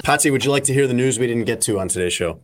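A man hosting a sports talk show, teasing his guest and running through stats in a casual, lively way. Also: mid-range voice, racing, loud music behind the voice. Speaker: sports radio host.

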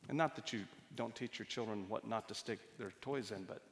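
A pastor with a lowish voice preaches in a church hall, speaking briskly with a big-room sound and slight background noise. He tells personal stories conversationally, restarting his sentences often.

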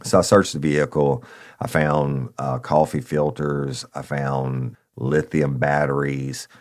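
A man's voice: very deep voice, little pitch movement, slow pace. A man, a former narcotics officer, telling a blunt, profane story in casual talk and speaking to listeners as y'all.

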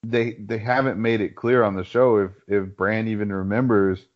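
A man's voice: fairly low pitch, steady tone, moderate pace. A man in a casual podcast chat, thoughtful and hedging as he explains his view at length. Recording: dull lo-fi sound.

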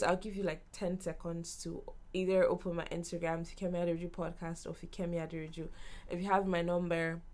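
Young woman, podcast host, lively story-time delivery. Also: on the low side. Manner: bubbly, animated storytelling with laughs and acted-out quotes.

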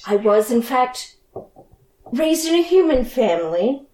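A woman voicing a haughty, passive-aggressive woman raised by humans, who speaks in a soft, cold and condescending way. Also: high voice, big pitch swings, measured pace, roomy sound, a little hiss or hum, rough recording. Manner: icy, condescending, speaks softly.

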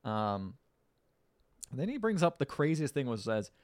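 A man's voice: mid-range voice, moderate pace, dry recording. Guy on a podcast retelling a movie, voice jumps all over, dry close mic. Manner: acts out quoted lines with lively swings and laughs. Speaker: podcast co-host recapping a film. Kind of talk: casual chat.

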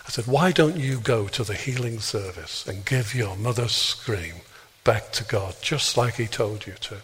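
An Englishman telling a story in a sermon and acting out the dialogue, jumping up high for exclamations and dropping low for quiet asides. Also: a little slow, breathy edge. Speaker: speaker leading a healing prayer talk. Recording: long reverb of a large hall.

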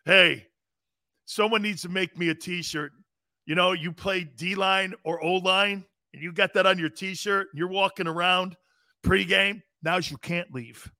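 A man hosting a live sports talk show, animated and joking, laughing often and swearing casually as he reads the chat. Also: high-pitched, slow pace, dry recording, studio quality. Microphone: studio mic he adjusts himself.

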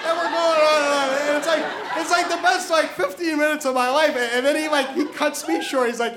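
High-voiced man telling a story, stammering. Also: fairly quick, few pauses, crowd noise, noisy background. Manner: excited, stammering repetitions. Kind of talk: live storytelling.

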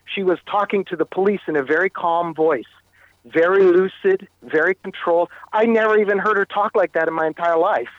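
Halting man telling a harrowing story. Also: sits high, no room sound, phone-quality sound. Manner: halting, repeats words while recounting. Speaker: interview guest. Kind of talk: telling a personal story in conversation.

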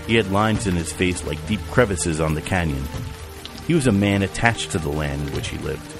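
Man, very low voice, audiobook narration, measured, background music. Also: gravelly. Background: music and rain.

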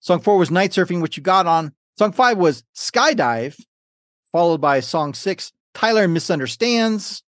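Man, podcast quizmaster, playful, lively pitch, dry close sound. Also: unhurried, no room sound. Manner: playful, reads trivia with jokey asides. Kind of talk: hosting a trivia game podcast.

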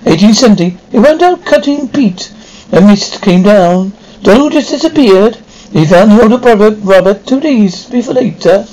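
A man voicing a superstitious old Scottish innkeeper who tells a grim tale gravely. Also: high voice, darkish tone, voice pushed up, natural voice, poor audio. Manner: grave storytelling with dialect.

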